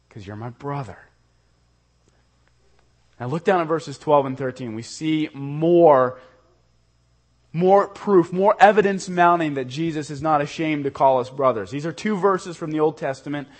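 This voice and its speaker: A male pastor preaching a sermon earnestly, swinging from loud emphasis to soft, intimate lows.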